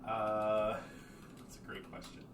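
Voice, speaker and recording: A man narrating a tabletop game as game master, relaxed and loose, with many fillers. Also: lowish voice, slow pace. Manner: relaxed, lots of fillers, laughs easily. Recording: echoey, distant mic with background noise.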